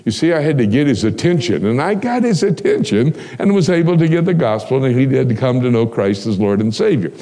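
A man's voice: mid-range voice, a little fast, few pauses. A man preaching a sermon, telling personal stories with animation and acting out the dialogue. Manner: animated storyteller, acts out dialogue.

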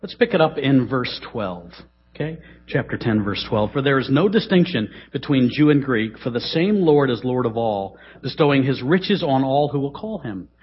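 A middle-aged man preaching a sermon in a church, dramatic, swinging between loud emphasis and hushed asides. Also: medium pitch, animated, normal speed, slightly rough. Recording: dull, lo-fi sermon recording.

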